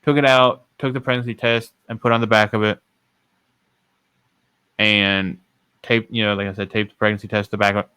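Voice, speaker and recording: A man's voice: on the low side, level tone, fairly quick, long pauses, pushed and bright, clean tone, no room sound. A young man hosting a podcast, telling a personal story in a rambling, self-correcting way. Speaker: podcast host. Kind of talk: casual storytelling.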